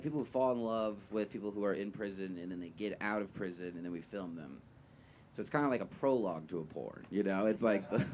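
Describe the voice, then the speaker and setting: A man's voice: medium pitch, slight background noise. A young man performing a stand-up set, telling a loose, rambling story full of fillers and swearing. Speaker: stand-up comedian. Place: live comedy venue with audience. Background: audience laughter.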